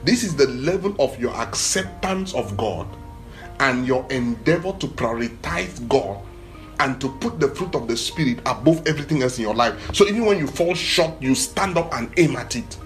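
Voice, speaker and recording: A man preaching a sermon in an animated, emphatic way, with short phrases repeated for emphasis. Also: normal speed, faint music behind. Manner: animated, emphatic preaching that swells in pitch and volume.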